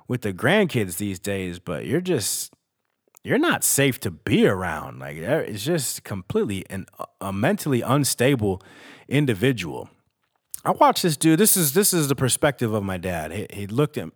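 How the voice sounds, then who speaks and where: A man hosting a podcast, talking in a candid, rambling, emotional monologue and swearing freely. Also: medium pitch. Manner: emotional and reflective. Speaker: podcast host. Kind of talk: casual spoken monologue.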